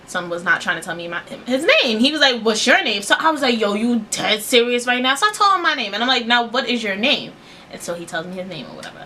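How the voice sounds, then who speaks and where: A young woman telling a casual storytime vlog in slangy, run-on sentences, acting out quotes with big jumps in pitch. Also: bright, forceful tone, slight background noise. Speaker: vlogger.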